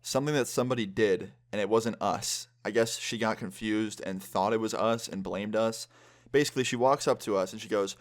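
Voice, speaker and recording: A young man telling a story casually, with lots of swearing and filler. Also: on the low side. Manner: fast, animated, lots of swearing and "like". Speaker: vlogger.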